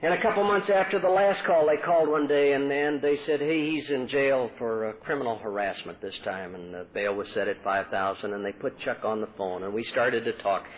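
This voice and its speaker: A man's voice: mid-range voice, brisk, hardly any pauses. A middle-aged man from Texas telling his recovery story as a convention speaker, earnestly acting out the dialogue he quotes. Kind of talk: personal recovery talk at a podium. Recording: tinny lo-fi 1980s convention tape.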